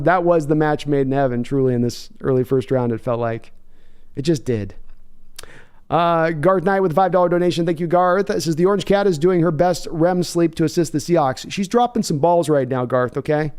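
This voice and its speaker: Casting: young male streamer, slightly high, smooth clear voice, rambling and self-deprecating, reads donations live. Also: darkish tone. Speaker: livestream host.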